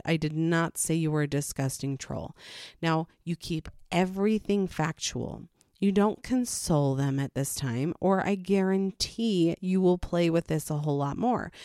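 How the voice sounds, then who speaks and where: A woman's voice: low voice, no room sound, clean studio sound. A woman, a mother, giving frank, matter-of-fact parenting advice in a casual talk. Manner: frank, matter-of-fact, with animated quoted asides. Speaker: parenting vlogger.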